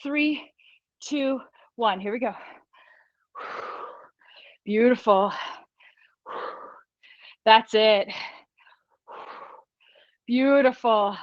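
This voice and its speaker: A woman's voice: a little high, very slow, pauses often, dry recording, dull audio. A woman leading a live online fitness class, cheering people on, counting down reps and often laughing. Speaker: fitness instructor. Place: small studio room.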